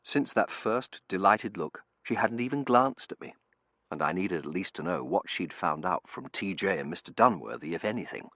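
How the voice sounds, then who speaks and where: A man narrating an audiobook with dry, expressive storytelling. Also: low voice, moderate pace, no echo. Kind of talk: scripted narration.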